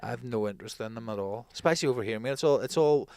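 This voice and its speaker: A man's voice: medium pitch, rapid-fire, a little mellow, no room sound. A man with a Northern Irish accent, co-hosting a casual podcast chat in a blunt style, swearing and calling the other host mate. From Northern Ireland.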